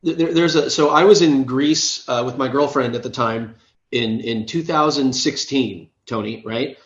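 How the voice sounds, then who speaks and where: A man's voice: medium pitch, measured pace, echoey room, lo-fi sound. A man, an app co-founder, casually telling a story in a podcast interview, often checking in with "right?". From United States.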